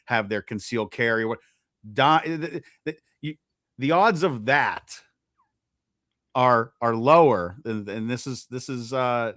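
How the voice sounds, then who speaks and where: A man co-hosting a casual podcast chat, animated and repeating himself as he talks, on a close mic. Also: mid-range voice, slow pace, dry recording. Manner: animated, repeats words, trails off. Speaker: podcast co-host.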